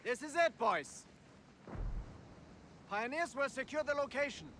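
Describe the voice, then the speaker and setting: A man's voice: very high voice, expressive, unhurried, slight background noise, exaggerated voice. An actor playing a dutiful male infantry soldier who gives clipped orders and field reports, heard as game audio. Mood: barking orders. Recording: game audio under loud gunfire.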